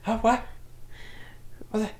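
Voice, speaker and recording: A man's voice: slow, roomy sound, natural voice. A man doing an impression of a confused Boston man with a Boston accent who keeps firing short puzzled questions. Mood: baffled.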